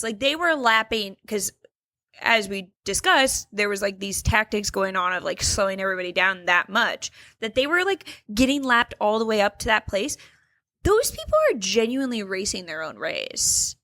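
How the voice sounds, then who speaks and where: A woman co-hosting a podcast in casual chat, animated and swearing freely as she talks. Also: fairly high pitch, no room sound, clean studio sound. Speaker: podcast co-host.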